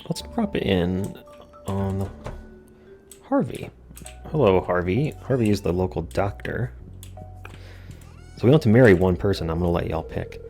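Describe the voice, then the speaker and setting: Deep-voiced male let's play host, casual and jokey, faint music under him. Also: sing-song, a little slow, creaky, pauses often, a little mellow. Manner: jokey, self-deprecating asides. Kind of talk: casual gameplay commentary.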